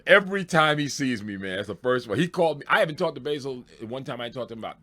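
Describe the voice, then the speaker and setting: A man, a stand-up comedian, telling road stories in a loose, excitable way, laughing and swearing as he goes. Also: mid-range voice, fast talker. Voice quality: excitable, swears freely, laughs through punchlines. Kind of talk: animated storytelling.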